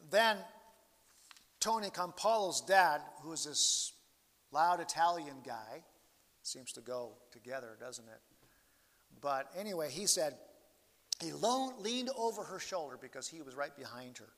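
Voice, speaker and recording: A male pastor preaching with slow, earnest deliberation, his voice rising and sinking in volume. His tone is bright and fairly high for a man. The sound carries a long hall reverb. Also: animated. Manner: slow, earnest preaching with sweeping rises and drops in loudness. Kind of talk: sermon.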